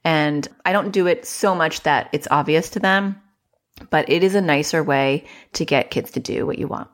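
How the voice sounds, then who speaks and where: A woman's voice: deep voice, moderate pace. A woman child therapist hosting a podcast, giving casual advice in a chatty, self-deprecating way and acting out little quotes.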